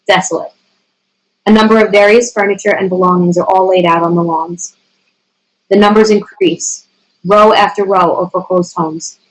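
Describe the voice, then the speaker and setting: A woman's voice: mid-range voice, rough recording. Woman reading stage directions. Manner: steady, measured reading of scene directions. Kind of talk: screenplay table reading.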